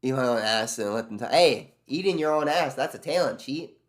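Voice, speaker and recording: Man, live streamer, casual rant, sarcastic, swears a lot, mid-pitched. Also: animated, fairly quick. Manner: ranting, profane, sarcastic storytelling; reads and answers chat messages aloud. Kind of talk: casual chat.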